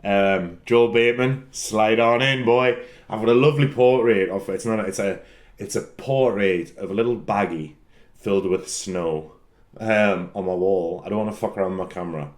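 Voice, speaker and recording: Man, casual solo chat, rambling and giggly, prone to loud laughing fits and swearing. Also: fairly low pitch, moderate pace. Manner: rambling, repeats words for comic effect. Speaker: wrestler answering fan questions.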